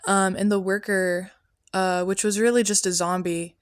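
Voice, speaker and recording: Female podcast host in a prophet persona, rambling and offhand, mid pitch, dry room. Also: little pitch movement, normal speed, clean tone, no room sound. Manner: rambling, offhand, full of "um" and "like", tangents. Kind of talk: rambling comedic monologue.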